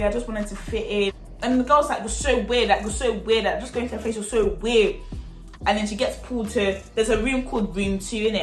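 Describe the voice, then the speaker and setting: A woman's voice: medium pitch, reverberant. Chatty woman telling a story. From England. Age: young adult. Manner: chatty, animated, peppered with slang and tag questions. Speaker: storytime vlogger. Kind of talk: casual storytelling.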